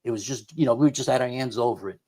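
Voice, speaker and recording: A man's voice: mid-range voice, fast, warm tone. A middle-aged man, a guest on a radio show, telling a personal story in a rambling way full of restarts and quoted dialogue. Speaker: guest investigator of the unexplained.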